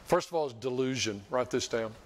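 A man's voice: mid-range voice, animated, a little fast, slight background noise. An older man preaching a sermon as pastor, folksy and rambling, restarting and repeating words as he talks to his church. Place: church sanctuary.

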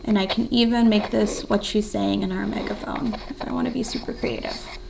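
Lady teacher, really creaky voice, slow and encouraging, faint noise behind. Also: medium pitch, steady tone. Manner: encouraging, thinking aloud while writing; counts syllables in a soft whisper. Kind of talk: remote writing lesson.

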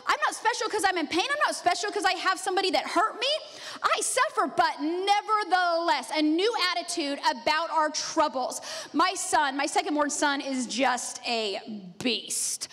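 A woman pastor in her thirties preaching a sermon in a church, telling stories in an animated way and laughing often. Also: sits high, moderate pace, in a large hall. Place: church sanctuary.

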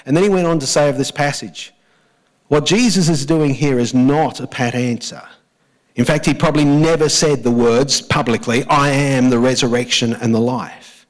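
Aussie pastor mid sermon, medium voice, emphatic, slows down and repeats the big lines, gets the crowd to say them back. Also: male voice, medium pitch, rough recording. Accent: Australian. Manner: leads the congregation in repeating lines. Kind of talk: church sermon.

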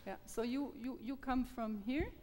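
Halting high-voiced woman teacher in a hall. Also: steady tone, darkish tone, a little hiss or hum. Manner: halting, repeats words, laughs often, encouraging. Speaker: Feldenkrais trainer. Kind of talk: live workshop teaching through an interpreter. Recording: reverberant hall.

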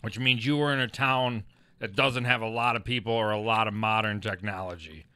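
A man's voice: lowish voice, steady tone, fairly quick, sharp tone, smooth. A man co-hosting a podcast, answering with dry, teasing comebacks in casual chat. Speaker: podcast co-host.

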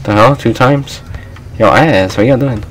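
A young man giving loose, trash-talking commentary while he plays a basketball video game, often shouting at his teammates and the game. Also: medium pitch, unhurried, slight background noise, rough recording. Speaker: gaming channel host. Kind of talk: live gameplay commentary.

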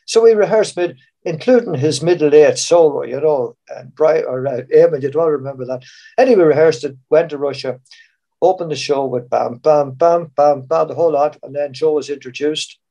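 A man's voice: a little high, a little fast, mellow, muffled recording. An older Irish man, a former showband musician, telling rambling stories from his touring years in an online panel. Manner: rambling anecdotal storytelling.

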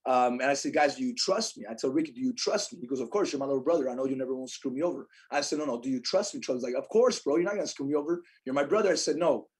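A young adult man telling a lively story as a podcast guest, acting out what others said. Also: medium pitch, racing, hardly any pauses. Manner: animated storyteller, acts out quotes. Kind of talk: storytelling in casual chat.

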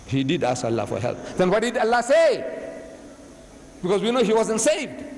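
A man's voice: high-pitched, darkish tone, in a large hall, slight background noise, rough recording. A man giving a religious lecture, telling a story dramatically and hammering his punchlines with repetition. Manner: dramatic, emphatic retelling with repeated punchlines.

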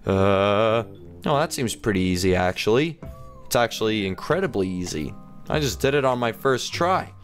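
A man's voice: lowish voice, moderate pace, faint music behind. A man hosting a gaming video, giving playful, jokey let's-play commentary as he plays. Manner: playful, animated, jokey self-talk.

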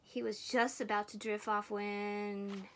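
An older woman reading a picture book aloud, expressive and dropping into soft whispers. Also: mid-range voice, slow, noisy background. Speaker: storybook reader.

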